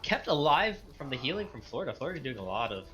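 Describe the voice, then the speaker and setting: A man calling live esports play-by-play with quick bursts of excitement. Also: mid-range voice, a little hiss or hum.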